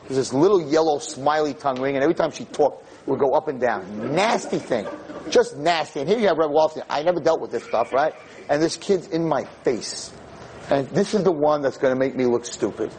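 A male rabbi giving a storytelling lecture, animated and acting out the voices in his tale. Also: fairly high pitch, fairly quick, a little hiss or hum.

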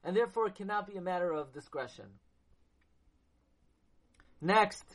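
A man giving a Torah class lecture, animated, asking his listeners questions and mixing Hebrew and Yiddish terms into his English. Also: high voice, moderate pace. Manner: animated, asks the audience questions. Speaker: Torah teacher.

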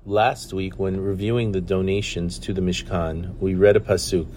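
A man's voice: low-pitched, fairly even intonation, moderate pace, darkish tone, a little hiss or hum. A man giving an earnest Torah teaching, asking questions and telling a story with hesitant fillers. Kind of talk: sermon with storytelling.

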